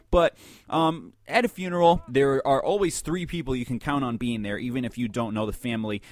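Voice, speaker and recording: A man rambles through comedic commentary over his gameplay, joking with crude asides. His voice sits at an ordinary middle pitch, recorded dry and close on a desk mic. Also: no room sound. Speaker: gaming video host.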